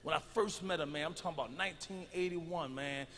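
A middle-aged man performing a stand-up comedy routine, telling stories loudly and with plenty of profanity. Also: a little high, fairly quick, slight background noise. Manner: loud, profane storytelling. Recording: live arena recording with long reverb.

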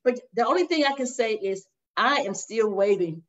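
An older woman minister sharing her testimony in a faith interview, telling it with lively storytelling and acting out the voices. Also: a little high, moderate pace. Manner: animated storytelling, acts out voices, addresses listeners as y'all. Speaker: guest minister. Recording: dull lo-fi sound.

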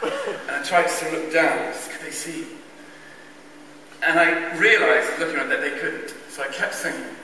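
A man's voice: on the high side, moderate pace, vocal fry, few pauses, sharp tone, a little hiss or hum. Man telling a wry story in a church. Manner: wry, self-mocking, chuckling anecdotal delivery. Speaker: speaker at a church carol event. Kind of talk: humorous storytelling to an audience. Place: large church. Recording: distant echoey church recording.

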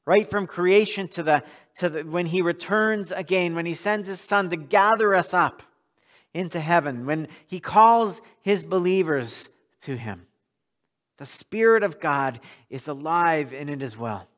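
A man's voice: a little high, measured pace, a bit bright. A male pastor preaching a sermon in a church, earnest and often repeating words as he restarts a thought.

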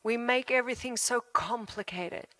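A woman's voice: fairly high pitch, moderate pace, dry recording, distant mic. A middle-aged woman pastor preaching a sermon, telling stories with frequent laughter. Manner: laughs often, animated storytelling. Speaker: guest pastor. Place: church hall.

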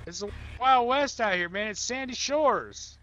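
A man playing a police officer in a game roleplay, talking in a relaxed, colloquial drawl. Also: very high voice, unhurried. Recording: dull lo-fi sound.

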